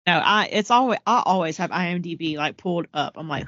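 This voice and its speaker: A woman with a mid-range voice chats in a relaxed, matter-of-fact way as a podcast co-host. Her mic sounds dry and close, with a slightly dull, lo-fi tone. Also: on the low side, a little fast, no echo. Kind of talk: casual chat.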